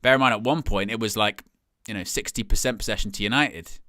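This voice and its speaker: A young man giving live fan commentary on a football match, in a bright, crisp, smooth voice recorded dry and close. He rambles in quiet casual asides, then bursts into loud, high shouts when a chance comes. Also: fast talker, no room sound. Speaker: fan watch-along host.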